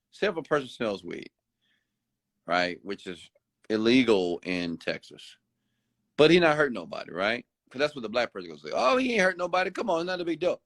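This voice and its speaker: With noticeable vocal fry, a Houston-based motivational host rants late at night on a dry recording. His manner is animated and sermon-like, full of repeated phrases, punctuated by sudden high-pitched impressions of other people.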